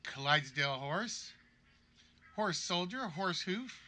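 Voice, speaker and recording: A man's voice: sits high, animated, slow pace, pushed and bright, soft background music. A man hosting a live-streamed game show, chatty and joking as he reads out players' guesses.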